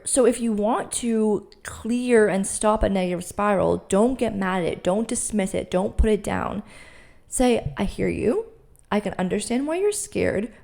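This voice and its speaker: A woman's voice: medium pitch, vocal fry, darkish tone. A young adult woman hosting a solo mindset podcast, teaching in a conversational way and checking in with "right?" and "okay?". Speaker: podcast host.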